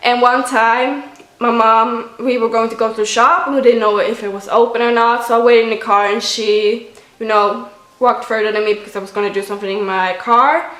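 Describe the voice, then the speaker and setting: A Swedish vlogger in her twenties talks to camera in a casual, chatty way, her speech full of fillers like "like" and "you know." Her voice is a little high and fairly bright, brisk, with fairly even intonation and a roomy echo in the recording.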